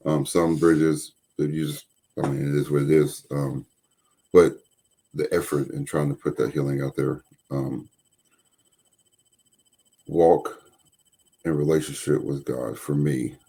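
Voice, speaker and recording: A man with an extremely deep voice, dark and mellow in tone, and a husky edge. He co-hosts a faith podcast and talks hesitantly, filling pauses with ums. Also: flat delivery. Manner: hesitant, many ums and restarts. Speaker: podcast co-host. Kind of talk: faith-based podcast talk.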